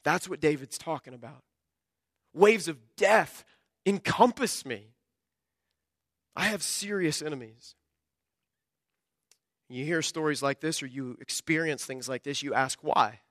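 Impassioned high-voiced male preacher. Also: normal speed, dry recording, studio quality. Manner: impassioned preaching, rising and dropping sharply in pitch and loudness. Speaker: pastor. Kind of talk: sermon.

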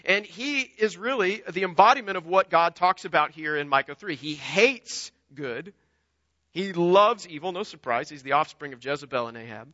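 Brief: male pastor, sermon delivery, high bright voice, earnest and emphatic, dry dull lo-fi sound. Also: animated, normal speed, no room sound. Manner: earnest, emphatic, repeats words and restarts often.

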